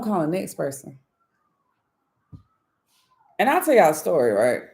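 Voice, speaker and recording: Lively low-voiced woman telling stories. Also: moderate pace, long pauses. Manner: candid, profane, laughs often. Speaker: spiritual reader and channel host. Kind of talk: casual storytelling chat to viewers.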